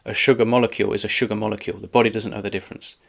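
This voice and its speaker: A man's voice: on the low side, level tone, rapid-fire, creaky. A man hosting a reaction video, arguing back sarcastically at a clip. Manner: sarcastic, argumentative. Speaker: channel host reacting to a clip. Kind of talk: reaction commentary.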